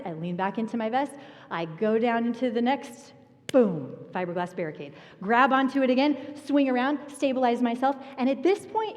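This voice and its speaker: Woman preaching a lively story, hall echo. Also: a little high. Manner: animated storytelling with laughs. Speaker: pastor. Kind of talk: sermon with a personal story. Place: church sanctuary. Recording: long reverb of a church hall.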